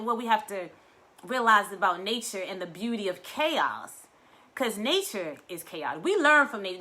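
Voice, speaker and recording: A middle-aged woman, giving a casual, animated spiritual talk to her viewers and acting out quoted voices. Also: fairly high pitch. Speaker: spiritual vlogger.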